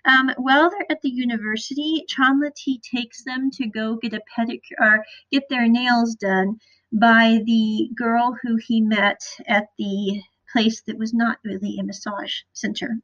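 A chatty woman from the Midwest recaps a series on her podcast, retelling scenes in an animated way. Her voice sits a little high. The recording is dull and lo-fi. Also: unhurried. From American Midwest. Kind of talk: casual recap monologue.

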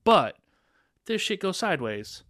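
A man's voice: high voice, very animated, unhurried, pushed and bright, no echo, clean studio sound. A man co-hosting a podcast, telling a dating story casually and acting out both sides of the dialogue, with some swearing. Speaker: podcast co-host.

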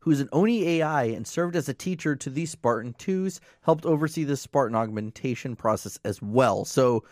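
A man's voice: mid-range voice, lively intonation, normal speed, few pauses, a little mellow, dry recording, clean studio sound. A man co-hosting a casual podcast, reading facts from his notes with offhand asides. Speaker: podcast co-host.

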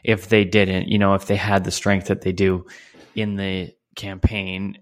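Man, very deep voice, casual podcast chat, measured and agreeable. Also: completely flat delivery. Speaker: podcast co-host. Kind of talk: casual chat about video games.

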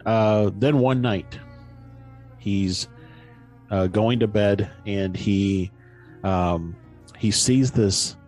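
A man's voice: on the low side, drawn-out words, pauses often, a little mellow, soft background music. A man on a podcast casually retelling a story in a rambling way, with many fillers and restarts.

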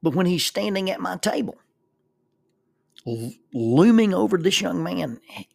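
Gravelly, husky male storyteller. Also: sits high, a little slow. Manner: animated, acts out the people in his story. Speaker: speaker telling a life lesson. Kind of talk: spoken storytelling.

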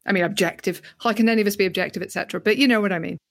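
A woman hosting a podcast in casual chat, lively and playful, with her voice jumping up in pitch when she gets excited. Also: very fast, no echo, clean studio sound. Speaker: podcast host.

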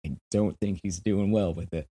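Laid-back man with a mellow voice. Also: low voice, normal speed, breathy edge. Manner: laughing often, animated, swears casually. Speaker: podcast co-host. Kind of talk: casual podcast chat reading sources.

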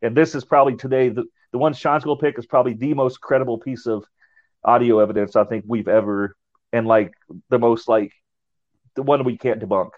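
A man of middle pitch tells a ghost-hunting story in a loose, rambling way. He often trips over his words and starts again. The audio sounds dull and lo-fi. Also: fairly even intonation, brisk, darkish tone. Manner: rambling, repeats and restarts words. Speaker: paranormal investigator. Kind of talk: casual storytelling.

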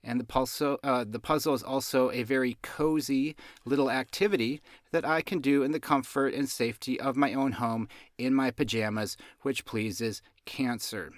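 A man hosting a casual astrology podcast, chatting in an unhurried way and laughing at his own jokes, on a close mic. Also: medium pitch, no room sound. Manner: giggly, self-amused, unhurried. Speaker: podcast host.

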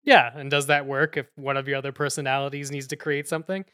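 Man podcast co-host, bright smooth tone, easygoing, dry close mic. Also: medium pitch, flat delivery, quick pace, no echo. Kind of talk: casual panel discussion.

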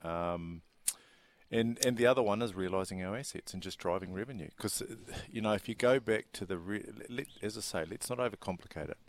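A man, speaking as a chief executive in a radio interview. He talks in a measured, businesslike way and pads his answers with small fillers. A faint hum of room ambience sits under his voice. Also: fairly low pitch. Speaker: racing industry chief executive. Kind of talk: studio interview.

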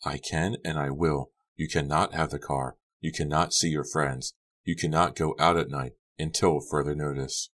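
A man voicing a stern, disappointed mother in an audiobook, with a flat, clipped delivery. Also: extremely low pitch, normal speed.

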